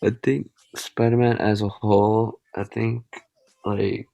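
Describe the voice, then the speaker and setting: A young man with a low, flat, gravelly voice talks through his thoughts on a casual podcast. He pauses often and leans on fillers. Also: highs cut off. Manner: hesitant, filler-heavy. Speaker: podcast co-host. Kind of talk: casual chat.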